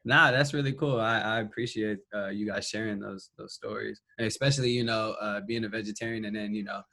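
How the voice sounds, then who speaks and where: A man's voice: lowish voice, fairly even intonation, a little fast, gravelly, sharp tone. A man hosting a casual podcast interview, laid-back and joking, laughing often and swearing freely. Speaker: podcast host.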